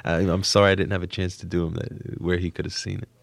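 A very low, gravelly male voice. He is a comedian from the New Jersey suburbs, rambling and excitable in an interview, and keeps tripping over restarts. The sound is dry and close. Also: fast talker, no echo. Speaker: comedian guest. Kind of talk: casual interview talk.

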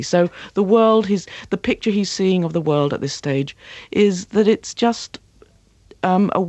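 A woman acting and voice coach, talking passionately as an interview guest and slipping into slow, dramatic readings of verse. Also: sits low, a little mellow, no room sound.

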